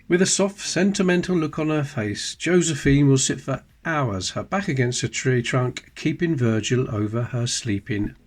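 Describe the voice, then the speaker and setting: A man's voice: medium pitch, normal speed, hardly any pauses, faint music behind. Chatty man, wry asides. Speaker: coin-collecting channel host. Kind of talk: casual show-and-tell commentary.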